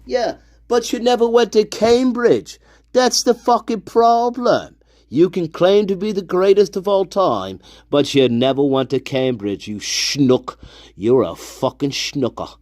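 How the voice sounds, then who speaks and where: A man voicing a cranky, ranting man who shouts profane insults and demands his whiskey. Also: high-pitched, a little slow, dry recording, studio quality, voice pushed up. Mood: mocking.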